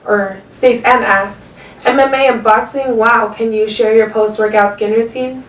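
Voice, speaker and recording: Higher-voiced woman reading questions from afar. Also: fairly even intonation, unhurried. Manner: reading viewer questions aloud. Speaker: question reader. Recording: echoey, distant from the mic.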